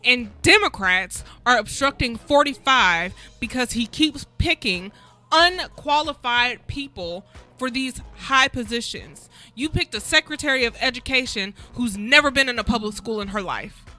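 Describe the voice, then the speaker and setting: A woman's voice: fairly high pitch, animated, moderate pace, bright, forceful tone, soft background music. A woman co-hosting a talk show, incredulous and sarcastic, firing off rhetorical questions. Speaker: guest co-host. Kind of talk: casual talk show chat.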